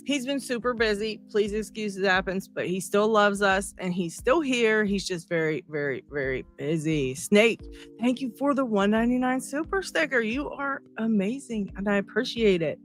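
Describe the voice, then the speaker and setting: A woman's voice: mid-range voice, normal speed, faint music behind. Chatty woman hosting a live stream. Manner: chatty, laughs often, greets chat by name. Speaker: livestream host. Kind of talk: casual livestream chat.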